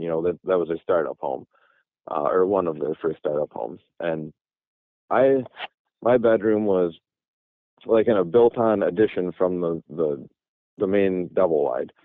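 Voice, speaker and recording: Low-voiced guy from michigan rambling through a story, lots of "like", over a tinny phone line. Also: dry recording. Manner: rambling, many restarts and "like"s. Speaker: guest. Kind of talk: casual storytelling. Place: parking lot.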